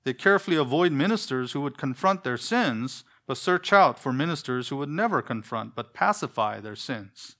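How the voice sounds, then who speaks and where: A man's voice: mid-range voice, animated, moderate pace, hardly any pauses, bright, forceful tone. A man preaching a sermon in an earnest, emphatic way, full of rhetorical questions.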